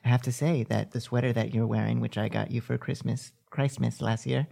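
A man playing a tabletop role-playing game, joking with the group in a deadpan way. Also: medium pitch, moderate pace, creaky. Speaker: player.

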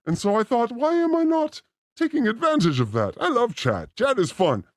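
With a very high, sing-song voice at a moderate pace, a male podcast host trades crude, theatrical jokes in casual banter. The recording is dry, clean studio sound.

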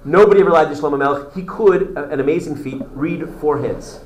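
A man lecturing to a class in a slightly high voice, telling stories with eager enthusiasm and answering students' interruptions. The classroom is roomy and echoes around him. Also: quick pace, darkish tone, slight background noise. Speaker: teacher.

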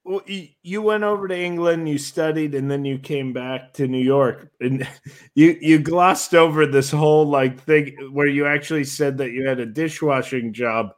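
A man interviewing a guest, halting and laughing often. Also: on the high side. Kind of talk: casual interview.

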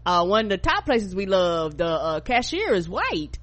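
A woman co-hosting a podcast in casual chat, quick to chime in with lively reactions. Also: mid-range voice. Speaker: podcast co-host.

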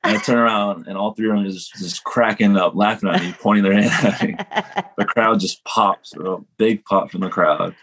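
A man tells rambling, self-mocking stories in a relaxed chat and often laughs at himself. His voice is low and husky, with a slightly rough edge. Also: brisk. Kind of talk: casual podcast chat.

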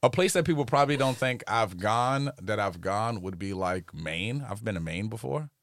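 A man's voice: on the low side, expressive, normal speed, a bit bright, dry recording, studio quality. A young man in casual chat, laid-back and slangy, laughing often and swearing freely.

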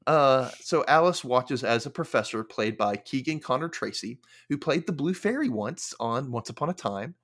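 Animated man recapping a show. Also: medium pitch, moderate pace, hardly any pauses. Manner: animated storytelling, quotes characters in wry asides. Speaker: podcast host. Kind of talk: casual recap chat.

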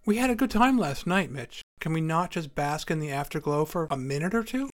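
A man's voice: on the high side, lively intonation, fairly quick. A man telling a first-person story with acted dialogue in a dry, wry, articulate way, and hosting his podcast.

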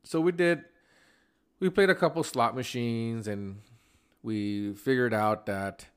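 A man hosting a podcast, telling a personal story in a casual, animated way, voicing the people he quotes and swinging from loud to soft. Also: mid-range voice, slow pace, clear, resonant tone. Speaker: podcast host. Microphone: remote podcast mic.

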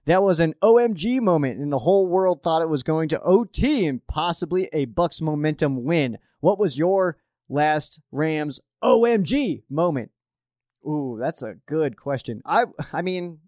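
Man, young, stream host, casual chat, excitable, rambling, slightly high voice. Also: normal speed, no echo, clean studio sound. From Colorado. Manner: excitable, rambling, gets worked up. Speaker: fan show host answering viewer questions.

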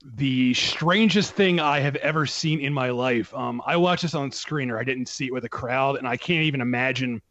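A man in a casual film talk, speaking with excited emphasis and frequent laughter. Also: medium pitch, moderate pace, no room sound, dull audio. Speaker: film podcast co-host. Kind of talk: casual chat.

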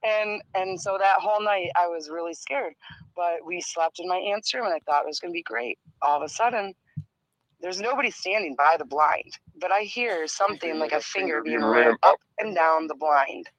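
High-voiced male caller telling a story. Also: normal speed, a bit bright, poor audio. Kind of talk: casual storytelling on a podcast call.

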